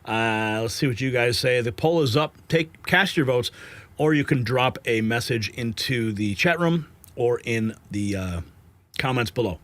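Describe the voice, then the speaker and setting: A man's voice: medium pitch, expressive, measured pace, a bit bright. Agitated man hosting a live news stream. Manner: agitated, frustrated, swears, sighs often. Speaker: livestream news host.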